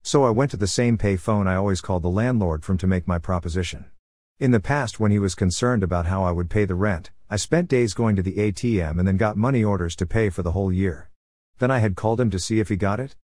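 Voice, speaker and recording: A man with a low voice recounts an old episode from his life in a calm, matter-of-fact storytelling manner. The sound is dry and close, with no room around it. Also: fast, no echo. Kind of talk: first-person storytime narration.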